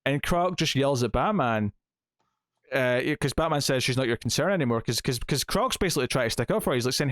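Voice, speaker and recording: This comics podcast co-host has a medium-pitched, slightly bright voice with lively intonation and a brisk pace. He chats his way through a comic's plot, acting out quotes and using lots of fillers, on a dry recording.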